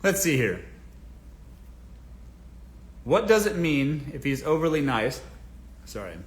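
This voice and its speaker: Guy on a livestream giving blunt joking advice, a bit high pitched, keeps saying folks. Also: sing-song, takes it slowly. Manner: blunt, joking, calls his audience "folks". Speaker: livestream host answering viewer questions. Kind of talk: casual livestream advice chat.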